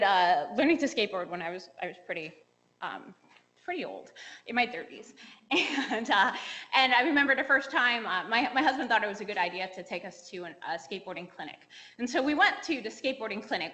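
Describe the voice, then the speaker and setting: Woman in her forties, keynote talk, bright clear voice, slightly high, lecture hall reverb. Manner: lively storytelling with fillers and laughs, acts out quoted dialogue. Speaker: keynote speaker, engineering professor.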